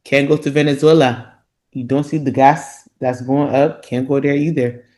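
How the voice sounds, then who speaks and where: An American woman co-hosting a podcast, telling stories in an animated, casual way. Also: very deep voice. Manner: animated storyteller, drawn-out complaints. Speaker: podcast co-host. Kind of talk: casual chat.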